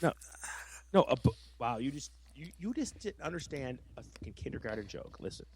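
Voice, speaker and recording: A man's voice: mid-range voice, animated, fairly quick, breathy edge. A man co-hosting a podcast in casual comic banter, pushy and teasing, swearing freely. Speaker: podcast co-host.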